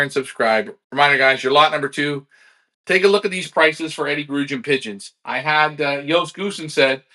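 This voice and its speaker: A man hosting a live-streamed pigeon auction, energetic and salesy, talking straight to his viewers. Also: on the high side. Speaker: livestream pigeon auction host.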